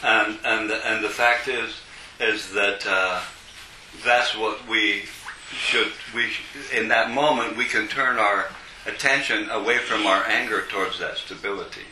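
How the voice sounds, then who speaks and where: A man teaching a small group, reading a passage slowly and then unpacking it with halting restarts. His voice has a bright, crisp edge. He sounds distant from the mic in an echoey room with a faint hiss behind him. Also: on the low side, steady tone. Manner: slow, deliberate, with many restarts. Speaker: teacher leading a study group. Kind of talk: reading a text aloud and explaining it.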